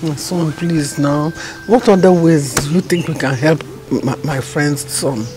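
A woman's voice: low-pitched, measured pace, background noise. An actress playing an older village mother who coaxes her son insistently. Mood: coaxing. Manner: coaxing, insistent pleading. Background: film score music.

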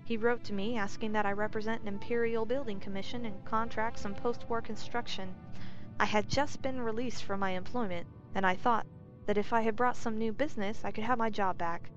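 A woman's voice: medium pitch, lightly acted. A dry, grim man from a fantasy storybook who has lost everything and shrugs it off, as a woman narrator puts him on. He speaks with weary bitterness. The recording is dull and lo-fi, with faint music. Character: grim, world-weary male Cyrodiil trader.

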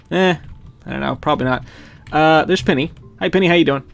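A man's voice: on the high side, brisk, creaky. A man casually commenting as he plays a farming game, reading the characters' lines aloud. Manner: reads in-game dialogue aloud, chatty. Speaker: gaming video host. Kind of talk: casual let's-play commentary. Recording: background game music.

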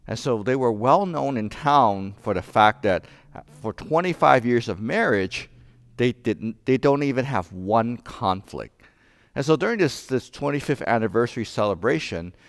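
A man preaching a sermon as pastor, telling a joke and then explaining scripture with animated rhetorical questions. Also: on the low side, no room sound, clean studio sound. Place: church sanctuary.

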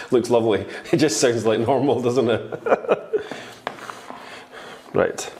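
A man's voice: mid-range voice, slow, darkish tone, a little hiss or hum. A Scottish man with a chatty, jokey manner, giving a casual cooking tutorial in a kitchen. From Scotland. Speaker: baking instructor.

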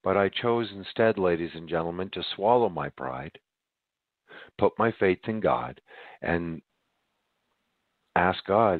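A low-voiced man hosts a podcast, preaching emphatically to his audience and calling them ladies and gentlemen while sounding out of breath. He speaks at a moderate pace, and the recording is dry, narrow and tinny.

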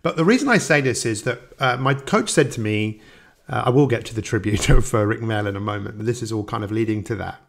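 A man's voice: fairly low pitch, quick pace, gravelly. A man hosting a podcast, speaking in an earnest, rambling personal monologue and chuckling as he goes. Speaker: podcast host.

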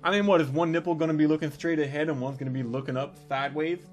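Male comic storyteller, 30s, high-pitched, foul-mouthed and brash. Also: racing, faint music behind. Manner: profane, brash, animated storytelling. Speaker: comedic storyteller. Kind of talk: crude comedic storytelling monologue.

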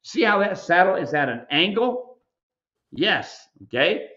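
Emphatic, folksy male host lecturing on air, with a slightly high, forceful voice and dull, lo-fi audio. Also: very animated, unhurried. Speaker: mule ranch owner and show host. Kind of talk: live video Q&A commentary.

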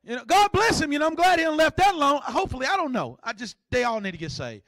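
A man preaching a lively sermon as pastor, joking with the congregation and swinging between shouts and hushed asides. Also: extremely high pitch, quick pace, no room sound.

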